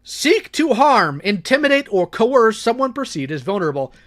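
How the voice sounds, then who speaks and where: A YouTuber with a high voice gives lively, sarcastic, casual commentary at normal speed while clicking through files on his computer.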